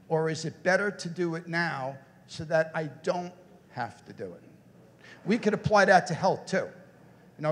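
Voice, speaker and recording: A man, a motivational speaker, giving an animated conference keynote and putting questions straight to his audience. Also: fairly high pitch, long reverb tail.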